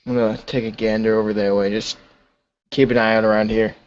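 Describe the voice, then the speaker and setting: A man's voice: fairly low pitch, level tone, a little fast, highs cut off. A man playing a tabletop game, talking casually with slang. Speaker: player.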